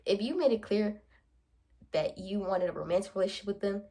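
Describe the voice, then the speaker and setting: A young woman vlogging in a casual, animated way, playfully acting out both sides of her conversations. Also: mid-range voice, fairly quick. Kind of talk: casual chatty vlog monologue.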